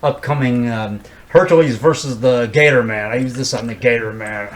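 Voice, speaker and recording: A man's voice: mid-range voice, normal speed, low-quality recording. Rambling, stammering man. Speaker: guest, horror movie maker. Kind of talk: casual chat showing props.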